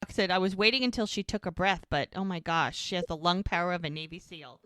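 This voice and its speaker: A woman co-hosting a podcast, retelling scenes in a lively way and quoting characters. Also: on the low side, fast talker, dry recording, clean studio sound. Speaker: podcast co-host. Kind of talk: casual recap chat.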